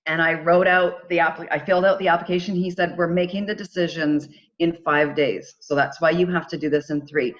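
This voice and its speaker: Animated woman telling a story. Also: deep voice, highs cut off. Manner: animated, retells conversations in quoted voices. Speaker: podcast guest, charity founder. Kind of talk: casual storytelling.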